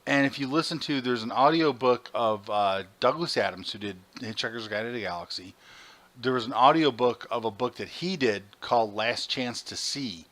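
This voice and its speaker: A man co-hosting a podcast, telling animated, profane stories in casual chat. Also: medium pitch, moderate pace. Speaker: podcast co-host.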